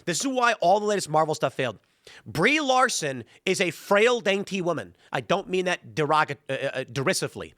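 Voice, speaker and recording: Animated, emphatic male commentator. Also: sits high, no room sound, clean studio sound. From Chicago, United States. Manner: emphatic, repeats words when fired up. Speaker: show host. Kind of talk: opinionated commentary monologue.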